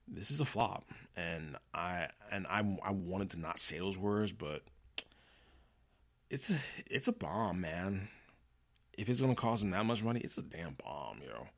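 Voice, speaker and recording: A man's voice: low-pitched, lively intonation, a little slow, pauses often. A man hosting a casual commentary show, ranting angrily with lots of swearing, slang and restarts. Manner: angry, profane, rambling with restarts and slang. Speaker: podcast host.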